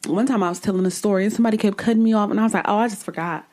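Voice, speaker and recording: A woman's voice: mid-range voice, fairly even intonation, very fast, a little mellow. A woman hosting a podcast alone, speaking bluntly and with open exasperation, swearing freely, in a casual way. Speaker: podcast host. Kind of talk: casual solo podcast talk.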